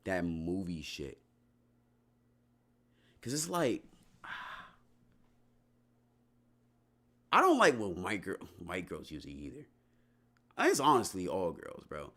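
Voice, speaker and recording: A young man talks casually to his livestream chat. His voice sits fairly low but keeps leaping up and down with animated energy. He rambles in loose slang, restarting sentences as he goes. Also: takes it slowly, long pauses.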